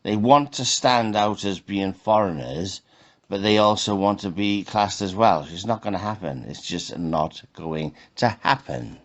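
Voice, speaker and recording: A man's voice: fairly low pitch, expressive, unhurried. A man giving a scornful commentary monologue, mocking and full of rhetorical questions.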